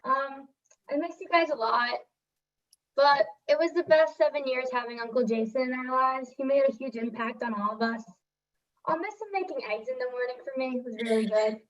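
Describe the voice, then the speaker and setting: A woman's voice: high-pitched, fairly quick. A young woman in casual chat on a video call, speaking in a light, teasing way. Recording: dull, lo-fi video call audio.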